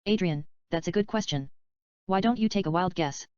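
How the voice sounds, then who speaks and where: A woman reading the part of a chatty, dreamy male screenwriter in a plain, even voice. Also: lowish voice, moderate pace, clear, resonant tone, no echo, close to an everyday voice. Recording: dull, slightly lo-fi dry recording.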